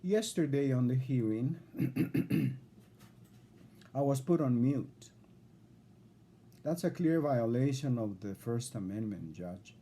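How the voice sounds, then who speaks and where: A man's voice: mid-range voice, lively intonation, takes it slowly, long pauses, mellow. A man recording a video in which he speaks straight to a judge, in an indignant, lecturing way and often repeating himself. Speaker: self-represented litigant addressing a judge.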